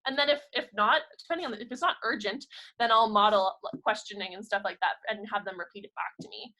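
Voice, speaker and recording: A young woman with a bright, ringing voice talks fast in a relaxed group chat. She is a kindergarten teacher who slips into animated voices when quoting her students and herself. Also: mid-range voice, rough recording. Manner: animated, quick, acts out classroom quotes. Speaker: kindergarten French immersion teacher, host.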